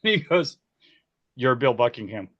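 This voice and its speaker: A man in his forties tells his stories with lively energy, often laughing and slipping into the voices of the people he quotes. His pitch sits in an ordinary middle range. The recording sounds a little dull and lo-fi. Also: normal speed. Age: 40s. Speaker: key grip, interview guest. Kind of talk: casual storytelling.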